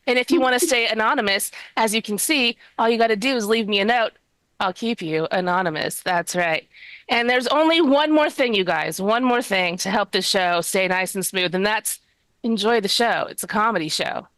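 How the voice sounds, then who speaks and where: A woman's voice: medium pitch, normal speed, a bit bright, no room sound. A woman hosting a live comedy show, upbeat and chatty, with a teasing manner.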